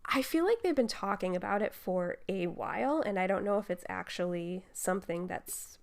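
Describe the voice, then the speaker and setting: A woman's voice: mid-range voice, moderate pace, vocal fry. A woman hosting a casual film podcast, talking enthusiastically and laughing often. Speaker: podcast host.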